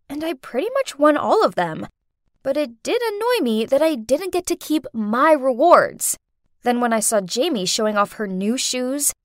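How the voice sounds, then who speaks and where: A woman's voice: a little high, no echo, clean studio sound. A woman narrating a first-person story as an exasperated teenage girl, with a dramatic delivery.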